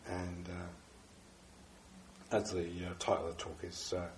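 A man with a congested, bunged-up voice from a cold, giving a Buddhist dharma talk to a group in a halting way with many fillers and restarts. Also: deep voice, monotone, a little hiss or hum. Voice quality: bunged up, nasal. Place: echoey room with a small audience. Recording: echoey room recording.

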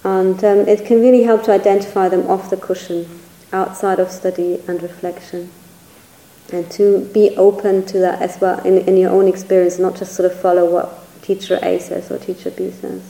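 A woman's voice: on the low side, level tone, moderate pace, creaky, mellow, echoey room, low-quality recording. A woman teacher giving a reflective Buddhist dharma talk, searching for words and hedging often as she speaks. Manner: reflective, searching, hedges with "sort of".

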